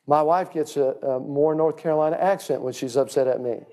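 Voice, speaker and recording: A man's voice: a little high, fairly quick, warm tone. Emphatic folksy man preaching. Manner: folksy, emphatic, addresses listeners as friend. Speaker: preacher teaching a class. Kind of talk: sermon-style teaching.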